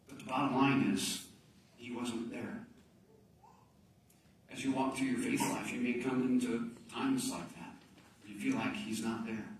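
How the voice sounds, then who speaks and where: Preaching in a very reverberant hall, a man of medium pitch gives a sermon picked up by a far-off microphone, with faint ambience and a bit of background noise. He's a dynamic speaker, moving from forceful, loud stresses down to quiet near-whispers.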